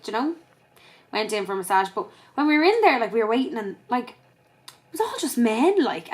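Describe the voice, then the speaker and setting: Woman, twenties, tired, casual vlog chat, swears a lot, middle pitch. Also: fairly bright tone. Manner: swearing storyteller, lots of "like". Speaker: vlogger.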